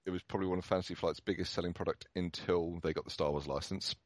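A man's voice: low-pitched, steady tone, fast talker, no echo. A man in casual podcast chat, explaining board game tips at length in a chatty way.

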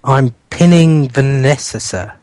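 A man's voice: mid-range voice, takes it slowly, a little mellow, dry recording. Dry-sounding rambling male podcast host. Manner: rambling, distracted while crafting. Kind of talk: casual chat.

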